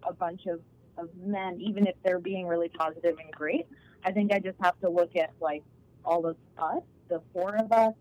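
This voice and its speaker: A woman's voice: on the low side, a little mellow. A woman guest in a casual podcast chat, upbeat and enthusiastic, rambling a little with fillers. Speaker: guest, agriculture academic. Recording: dull lo-fi call audio.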